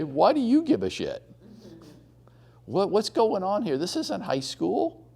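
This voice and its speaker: A man giving a blunt, animated real estate training talk to a live room, acting out quotes as he tells stories. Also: high voice, unhurried, creaky.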